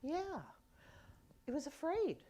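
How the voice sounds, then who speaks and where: A woman's voice: sits high, expressive, takes it slowly, warm tone. A woman minister preaching a conversational sermon, telling stories and acting out people's reactions as she goes.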